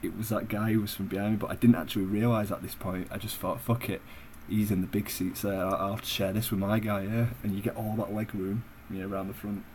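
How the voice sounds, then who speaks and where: A man's voice: fairly low pitch, level tone, fairly quick, darkish tone, slight background noise, low-quality recording. Sweary young man ranting. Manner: blunt, sweary, conversational. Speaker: vlogger. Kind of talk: profane storytelling rant.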